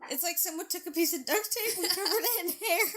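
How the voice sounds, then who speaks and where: A woman co-hosting a casual podcast, rambling through gossip. Her voice sits high, and she fills her talk with likes and swear words. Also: fast talker, pushed and bright. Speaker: podcast co-host. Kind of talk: casual chat.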